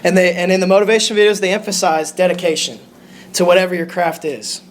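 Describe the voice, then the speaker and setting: Nervous high-voiced young man preaching. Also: fairly even intonation. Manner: nervous, halting, with many restarts. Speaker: lay preacher. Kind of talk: short church sermon. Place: church sanctuary.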